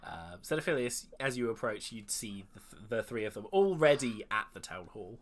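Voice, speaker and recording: A man running a tabletop game as dungeon master, narrating in a relaxed way with many fillers and restarts. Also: on the low side, normal speed, a little hiss or hum.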